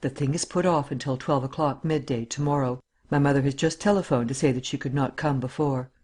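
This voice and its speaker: Male narrator doing a grim middle-aged count, low and menacing. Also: fairly even intonation, a little fast, a little mellow, lightly acted. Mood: curt. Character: cruel, cold aristocratic husband, a middle-aged man.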